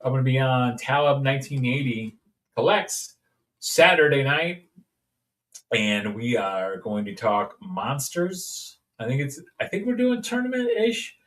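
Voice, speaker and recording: Man, rambling and jokey, mid-pitched voice, mic some distance off. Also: expressive, measured pace, fairly bright tone. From Indiana, USA. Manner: rambling, jokey, sings snippets. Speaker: toy-collecting streamer. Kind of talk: casual unboxing chat.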